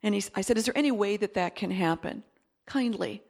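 A middle-aged woman giving a sermon testimony, swinging between loud emphatic bursts and quiet, confiding asides. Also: mid-range voice, fairly quick, creaky.

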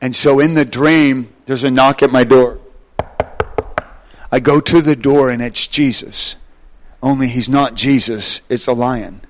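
A man in his thirties preaching a lively sermon, swinging between quiet storytelling and loud exclamations. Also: medium pitch, measured pace, slight background noise.

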